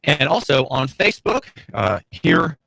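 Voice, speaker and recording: A man's voice: mid-range voice, sing-song, a little slow, gravelly, sharp tone, dry recording, rough recording. A man with a Southern US accent hosting a radio talk show from a small studio, delivering a sardonic, rambling monologue full of fillers and restarts. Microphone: studio mic, streamed on video.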